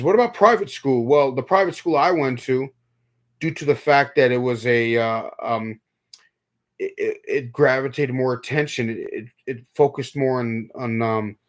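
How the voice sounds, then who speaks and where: A young New York man hosts a live stream, chatting casually, rambling, tripping over repeated words, and replying to viewers. His voice is mid-range and steady, at a moderate pace.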